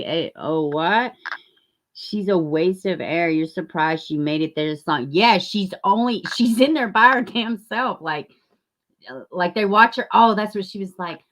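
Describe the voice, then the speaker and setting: Woman, somewhat low pitch, hosting a true crime livestream: blunt, profane, chatty with her viewers. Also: sing-song, moderate pace, fairly bright tone. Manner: blunt and profane, rising to heated outbursts. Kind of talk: casual livestream chat reading viewer comments.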